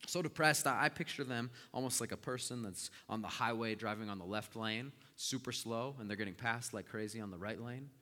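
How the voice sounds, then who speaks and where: A male pastor preaches with a bright, forceful voice. He retells the story with animated swings between soft, slow lines and loud, emphatic ones. A long hall reverb trails after every phrase. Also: medium pitch. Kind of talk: sermon.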